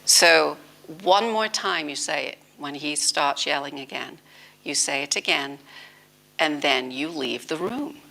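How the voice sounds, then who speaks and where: A British woman giving an informal spiritual talk as a teacher, telling lively stories and acting out bits of dialogue. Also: sits low, a little slow, vocal fry. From Britain.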